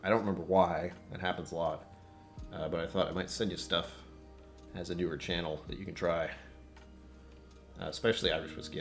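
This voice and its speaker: A man with a very low voice chats loosely on a home whiskey livestream, wandering between topics and often cutting himself off. Faint music plays under his voice. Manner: rambling, distractible, self-interrupting. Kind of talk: casual livestream chat.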